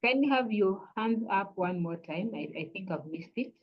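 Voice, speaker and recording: A woman with a Kenyan accent teaching an online English revision lesson, patient and repetitive, often saying "kindly" and pausing with "uh". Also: medium pitch, animated, muffled recording. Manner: patient, repeats "kindly", frequent "uh" fillers.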